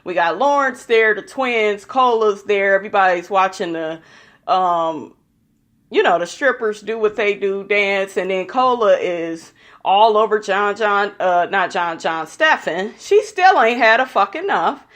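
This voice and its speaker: A woman chatting through a reality show recap in a loose, gossipy way. She is blunt and salty, and she swears freely as she sizes up everyone on screen. Her voice sits at an ordinary middle pitch for a woman. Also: a little slow, a bit bright. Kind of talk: casual recap commentary.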